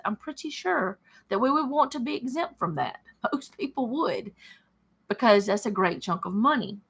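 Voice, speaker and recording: A woman's voice: a little high, sharp tone. A woman leading a home Bible study, reading scripture aloud and chatting about it as she thinks aloud and corrects herself.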